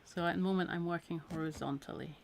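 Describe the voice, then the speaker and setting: Quick-paced and fairly low, with vocal fry and a steady tone, a Scottish woman's voice comes through a little hiss or hum. She gives a live needle felting tutorial, chatty and encouraging as she works, her voice somewhat tired from a week of talking.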